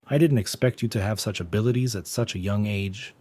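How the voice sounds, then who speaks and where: A boastful masked ninja who taunts his foe in a story recap, read by a man in a low voice. It is barely acted, close to the narrator's own voice. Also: brisk, warm tone, close to an everyday voice. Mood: taunting.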